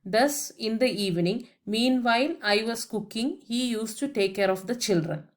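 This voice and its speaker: A woman's voice: fairly high pitch, animated, moderate pace. Woman teacher spelling out words. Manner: methodical, spells words out letter by letter; explains each point with English translations. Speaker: French teacher. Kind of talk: grammar lesson voice-over.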